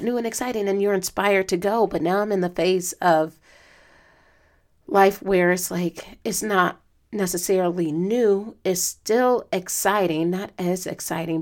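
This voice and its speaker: A woman's voice: fairly low pitch, a little mellow. A woman hosts her own podcast, talking to listeners in a loose, heartfelt way. Her voice sounds strained and tired from lost sleep. She wanders through thoughts with frequent fillers and restarts. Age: adult student. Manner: earnest, reflective, emotional, with many fillers. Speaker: podcast host. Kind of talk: casual solo podcast talk.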